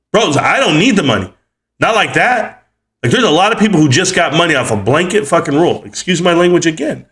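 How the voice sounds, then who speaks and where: A man's voice: a little high, expressive, a little fast, a bit bright. A man in his forties ranting heatedly on his livestream about the economy and stocks, cussing as he goes. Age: 40s. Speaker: livestream host.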